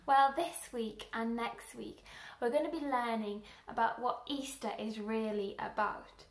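A woman with a fairly high voice speaks slowly and encouragingly to small children. The room sounds echoey. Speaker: children's group leader. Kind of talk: introducing a children's lesson.

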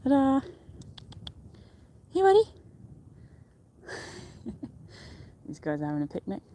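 High-voiced and warm, a young woman vlogs live from a mountain top, her pitch swooping wildly as she speaks slowly. She chats cheerfully in a casual live-stream style, rambling and laughing frequently, with a slight hiss or hum in the audio.

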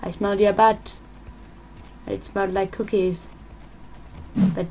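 Slow, rambling woman talking over noise. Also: medium pitch, flat delivery, a little mellow, low-quality recording. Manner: rambling, thinks aloud, trails off mid-sentence. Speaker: gaming channel host. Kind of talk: casual gameplay commentary. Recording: audible background noise.

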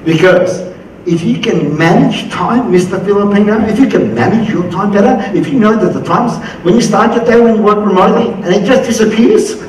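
A middle-aged Australian man giving an energetic motivational conference talk, acting out quoted voices as he goes. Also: high-pitched, fairly quick, a little hiss or hum. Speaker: conference keynote speaker. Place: conference hall. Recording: very echoey hall from far off.

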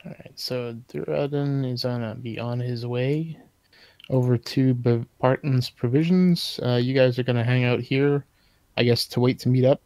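A man acting as game master, narrating casually with pauses. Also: mid-range voice, fairly even intonation, warm tone, no room sound, low-quality recording. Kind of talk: running a tabletop game.

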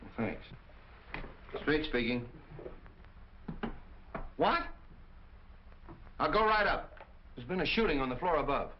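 An actor playing a brusque, hard-boiled police captain who barks orders. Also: male voice, a little high, big pitch swings, takes it slowly, pauses often. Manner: gruff, barking orders. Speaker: police detective. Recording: muffled 1940 film soundtrack with hiss.

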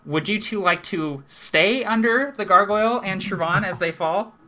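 A man's voice: high voice, normal speed, bright, forceful tone. A man narrating a live tabletop game as game master, chatty and laughing often, with lots of fillers.

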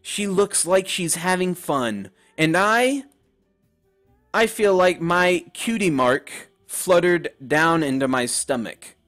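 Timid young female pony, read by a man: soft, hesitant, pitched up, unhurried. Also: lively intonation, faint music behind, full character voice. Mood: nervous. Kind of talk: reading game dialogue aloud.

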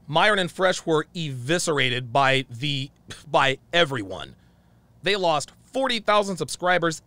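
A man's voice: fairly high pitch, pushed and bright, dry recording. A man telling a heated story in a profane monologue, acting out the dialogue he quotes. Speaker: channel host.

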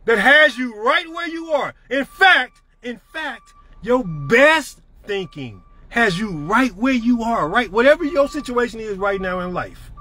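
A man's voice: high voice, very animated, normal speed, pushed and bright. A middle-aged man giving a profane, emphatic motivational rant to his network marketing team.

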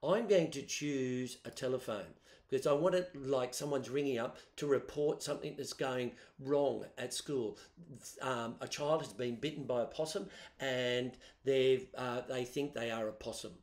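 Guy teaching a music software lesson, chatty step-by-step, echoey room on a built-in laptop mic. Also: mid-range voice, normal speed. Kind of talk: software tutorial for students. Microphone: built-in laptop microphone. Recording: roomy echo.

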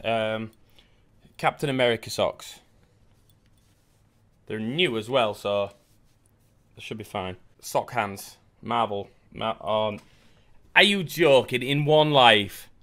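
A man's voice: lowish voice, slow, long pauses. A man, commentating live on his own gameplay and cheering when he wins. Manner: excitable, counting aloud, cheering wins. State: out of breath. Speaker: game streamer. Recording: game gunfire and music in background.

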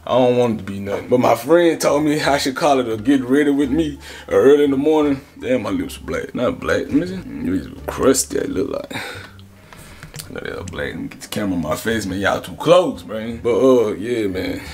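A young man vlogging his morning routine in a casual, slangy and rambling way, his voice husky and groggy from just waking up. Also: medium pitch, lively intonation, a little fast, a little mellow. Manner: slangy and rambling, self-correcting. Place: home bathroom. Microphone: camera on a tripod.

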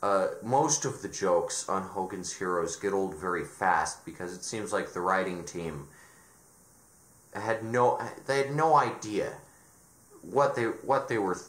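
A man's voice: sits low, unhurried. Exasperated man ranting, echoey room. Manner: exasperated, sarcastic, frequent restarts. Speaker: video reviewer. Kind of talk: ranting commentary. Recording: roomy echo.

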